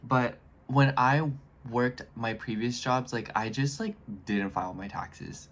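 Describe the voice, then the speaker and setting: A man in his twenties chatting casually in a vlog, rambling and animated as he speaks straight to his viewers. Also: medium pitch, a little slow, slight background noise. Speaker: astrology YouTuber.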